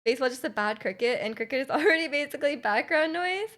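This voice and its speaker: A woman's voice: high-pitched, expressive, fast, fairly bright tone. A young woman from Canada, a streamer chatting casually with her live chat, rambling with lots of restarts and fillers and laughing often.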